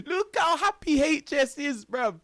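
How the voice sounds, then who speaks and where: High, lively young streamer. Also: male voice, unhurried, dry recording, studio quality. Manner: laughing, exclamatory, heavy slang. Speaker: live streamer reacting to clips. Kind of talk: excited reaction commentary.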